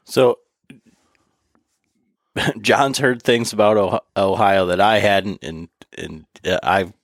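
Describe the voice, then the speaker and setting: A man's voice: fairly low pitch, takes it slowly, no room sound, clean studio sound. A man hosting a casual hunting podcast, telling stories and acting out quotes. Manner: animated storyteller, acts out quotes with laughs. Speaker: podcast host. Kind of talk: casual chat.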